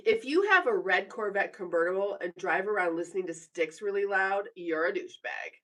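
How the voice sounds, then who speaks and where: A woman's voice: mid-range voice, fairly quick, bright, forceful tone, distant mic. A woman in her forties chatting casually on a live stream from her bedroom, teasing viewers and laughing often as she reads their comments. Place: home bedroom.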